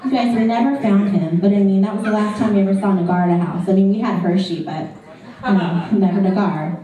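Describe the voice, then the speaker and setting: A woman's voice: medium pitch, fairly even intonation, fast, recorded from a distance, crowd noise. Chatty woman doing stand-up in an echoey club. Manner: chatty, ironic, peppered with "like" and "you know". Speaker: stand-up comedian. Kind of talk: stand-up comedy set. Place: comedy club stage.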